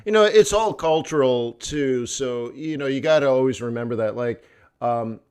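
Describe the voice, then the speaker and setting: A man's voice: mid-range voice, normal speed, a little mellow, clear, resonant tone. A man hosting a live forex trading stream, talking casually, laughing often between loose, rambling thoughts. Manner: chatty, laughs often, fillers and restarts.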